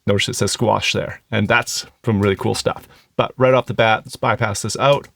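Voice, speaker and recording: A man's voice: fairly low pitch, fairly even intonation, moderate pace, gravelly, over music. A man reviewing an audio plugin in a casual, explanatory tutorial, thinking aloud as he goes. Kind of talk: casual screen-recorded tutorial.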